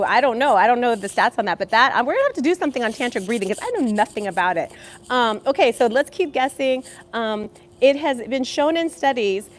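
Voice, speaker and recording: A woman hosts a casual health livestream from home in Los Angeles, talking into a headset mic. Her voice sits a little high, and she is bubbly and affectionate, greeting chat viewers one by one with pet names and blown kisses. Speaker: livestream host.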